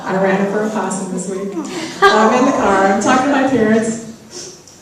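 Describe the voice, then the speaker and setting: A spiritual talk speaker, this woman uses a mid-range voice at a normal pace as she tells an audience personal, self-mocking stories meant to inspire. The recording picks her up from a distance in a heavily reverberant room, and there is a bit of background noise.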